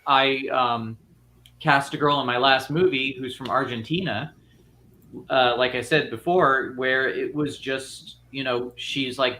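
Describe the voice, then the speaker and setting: Guy rambling on a panel show, bright forceful voice, lots of restarts, faint hiss behind. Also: mid-range voice, fairly even intonation, unhurried. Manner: rambling, many restarts and fillers. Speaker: filmmaker guest. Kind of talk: casual panel discussion.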